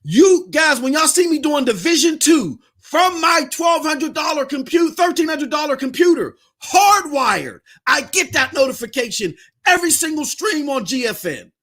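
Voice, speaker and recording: A male podcast host delivers a live-streamed rant in a very high, bright voice. He speaks directly to his viewers and keeps getting worked up, often pushing into yelling. His tone is sharp and forceful throughout. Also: lively intonation, moderate pace, hardly any pauses.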